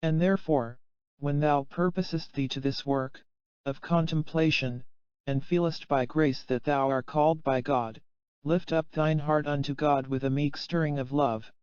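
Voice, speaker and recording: A man reads a spiritual text aloud in a slow, solemn, measured way. His voice is smooth and sits a little high for a man. The recording is dry and somewhat muffled. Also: fairly even intonation, darkish tone, no echo. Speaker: audiobook reader. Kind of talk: scripted reading of a spiritual text. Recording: dull, muffled, dry sound.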